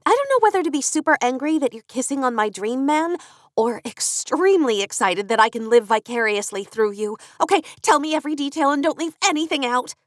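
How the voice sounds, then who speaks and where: A woman reading an audiobook and voicing an excitable, melodramatic young mother, her best friend, with a higher, gushing delivery. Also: fairly quick, no room sound, studio quality. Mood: teasing.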